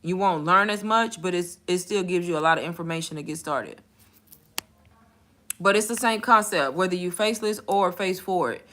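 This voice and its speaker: A young woman speaking straight to her audience in a casual storytime vlog. Her voice is bright and forceful, and her delivery is candid, blunt and full of slang. She breaks into laughter often as she talks. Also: lowish voice, moderate pace. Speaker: content creator and bank call center agent.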